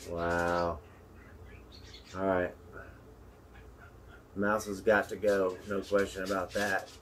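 A man giving chatty, joking live commentary as a zookeeper during a snake feeding, with sudden loud playful outbursts. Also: deep voice, fairly even intonation, takes it slowly, long pauses, a little hiss or hum, rough recording.

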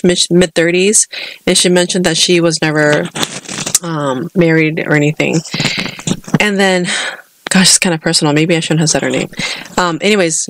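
With a deep voice and a dry, echo-free sound, this thirtysomething American co-host chats her way through an extended personal tale, frequently backing up to start again.

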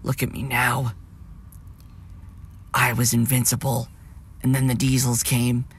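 A man voicing a weary, ghostly old female steam engine who speaks in a cold, wheezing hush. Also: medium pitch, monotone, measured pace, slightly rough.

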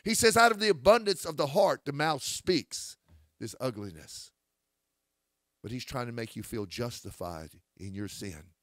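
Lively, forceful man preaching. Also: mid-range voice, measured pace, no echo, clean studio sound. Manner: forceful, scripture-quoting, rising to shouts. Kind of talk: critical sermon.

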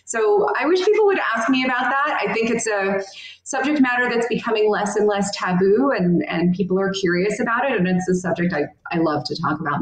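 A woman guest on a podcast, speaking in an earnest, thoughtful way with frequent "um" and "like" fillers. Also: mid-range voice. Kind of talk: casual interview chat. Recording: echoey room.

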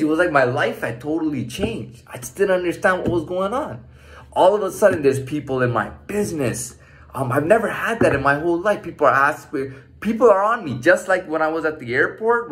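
A man in his thirties tells a story from his own life in a loose, rambling way. His pitch swings up and down with animation, and his speech is peppered with swearing and "like" fillers. The tone stays casual and conversational throughout. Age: 30s. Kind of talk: casual personal storytelling monologue.

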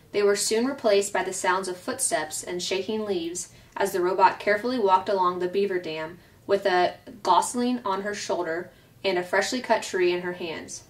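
A woman reading a children's novel aloud at a steady, clear pace. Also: medium pitch. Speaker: storyteller. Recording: voice picked up from a distance.

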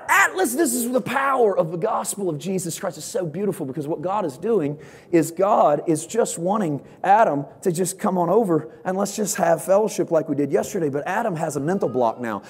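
Husky guy preaching, voice jumps all over, storytelling sermon style. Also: on the high side. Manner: storytelling, playful, swells to shouts at peaks. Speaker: pastor.

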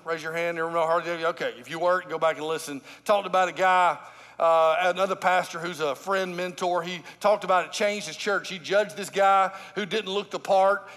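A man's voice: sits high, a bit bright. A middle-aged man, a lead pastor preaching a sermon in a conversational, emphatic way, calling out to his congregation. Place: church sanctuary. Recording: long church hall reverb.

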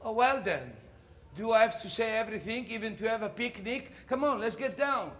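A man voicing Jesus as a hurried, cheerfully bossy man in a comic stage monologue. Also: high-pitched, lively intonation, a bit bright, pitched above the performer's own voice. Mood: breezy, impatient. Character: Jesus, adult man, brisk and breezy.

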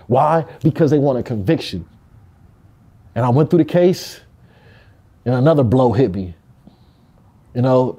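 A man's voice: mid-range voice, dark tone, breathy edge. A man from Compton speaking in a candid interview, emphatic and full of street slang and profanity. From Compton, California.

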